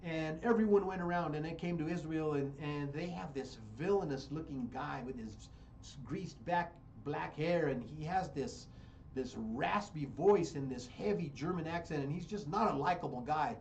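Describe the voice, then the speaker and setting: A man's voice: fairly high pitch, moderate pace, a little mellow, slight background noise. An American man hosting a radio show, giving fiery political commentary and repeating phrases for emphasis. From United States. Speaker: radio host.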